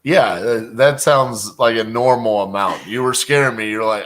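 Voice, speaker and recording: A man hosting a casual live stream, chatting and leaving upbeat voicemails to sellers. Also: fairly low pitch. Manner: relaxed and chatty, quick laughs, upbeat on calls. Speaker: real estate wholesaler and channel host.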